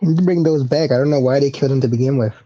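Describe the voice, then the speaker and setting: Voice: medium pitch, very fast, dark tone. A podcast co-host in a chatty, casually swearing conversation. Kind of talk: casual wrestling recap chat. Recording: dull lo-fi recording.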